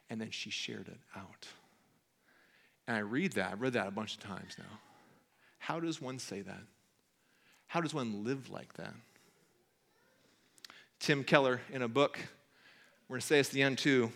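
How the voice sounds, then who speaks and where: A man preaching a sermon in an earnest way, now excited, now hushed, reading passages aloud. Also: medium pitch, creaky. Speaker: pastor.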